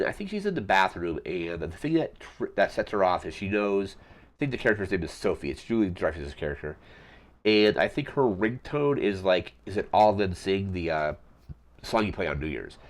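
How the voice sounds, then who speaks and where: A man hosting a podcast, casually recapping a film in a rambling way full of fillers. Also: deep voice. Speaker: podcast host.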